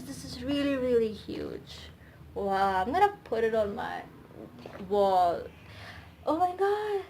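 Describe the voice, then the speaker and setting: A young woman vlogger unboxing a DVD set at home, gushing and squealing with delight between quieter asides. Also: on the high side, a little hiss or hum. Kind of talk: excited unboxing vlog.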